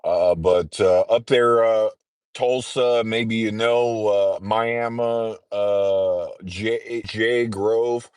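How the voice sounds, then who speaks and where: A man's voice: fairly low pitch, steady tone, drawn-out words, darkish tone, no room sound. Congested man rambling on a livestream. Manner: rambling, frequent throat-clearing and filler words. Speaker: livestreamer in trucker training. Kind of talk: casual morning livestream chat.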